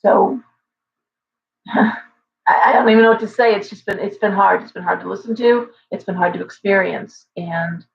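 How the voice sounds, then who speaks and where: A woman talks on a casual live stream in a rambling storyteller's way, often breaking off and restarting her sentences. Her voice has a gravelly fry to it, and the stream audio sounds dull and lo-fi. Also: medium pitch, normal speed, pauses often, slight background noise. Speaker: shop owner hosting a live stream. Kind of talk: casual livestream chat.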